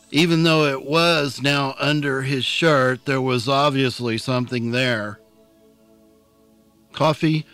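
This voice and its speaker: A male narrator reads an audiobook chapter in a calm, unhurried way. His voice sits in a middle pitch, and he speaks slowly. Faint music plays softly behind him.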